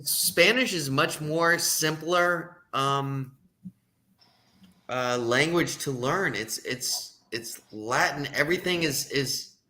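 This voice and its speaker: A man chatting on a stream talks slowly and carefully, and his voice has a bright, forceful edge. He repeats and rephrases as he works through his point. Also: on the high side. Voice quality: deliberate, explains with restarts and repetition. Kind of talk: casual chat.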